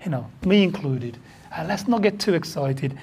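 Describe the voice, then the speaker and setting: A pastor from the United Kingdom, preaching a sermon in an excitable, animated way with sudden jumps in pitch and loudness. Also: moderate pace, breathy edge.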